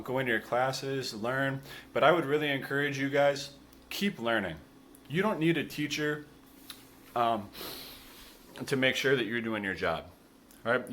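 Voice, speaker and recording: Relaxed male coach, easygoing vlog chat to his students, talks while eating. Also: medium pitch, slight background noise. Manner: relaxed and chatty, talks with his mouth full. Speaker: school gym coach. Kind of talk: casual cooking vlog to students.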